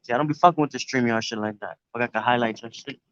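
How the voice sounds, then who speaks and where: A man's voice: medium pitch, rapid-fire, fairly bright tone, smooth, dry recording. A man with a New York accent, chatting casually and profanely on a live stream from his phone outdoors. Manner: loose, profane street talk. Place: outdoors near the beach. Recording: dry, dull phone audio.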